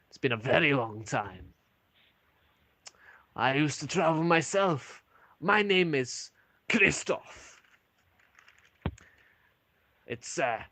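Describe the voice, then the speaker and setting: A man voicing a big, red-bearded male dwarf barkeep in an online tabletop game, with a slow, gruff drawl. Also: mid-range voice, sharp tone, dry recording, voice pushed up, full character voice.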